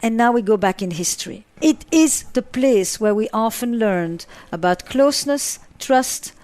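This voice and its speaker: A woman's voice: on the high side, animated, unhurried, darkish tone, no echo. A middle-aged woman psychotherapist answering interview questions, emphatic and given to repeating phrases for effect.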